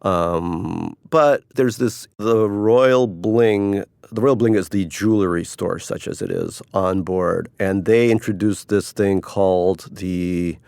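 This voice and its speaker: A man's voice: low-pitched, slow pace, creaky, hardly any pauses, darkish tone, clean tone, no room sound, studio quality. A middle-aged man, an author, talking casually and wryly in an interview, rambling and putting on mock voices. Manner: wry and rambling, mock voices for quotes, laughs often. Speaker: author interviewed about his cruise article.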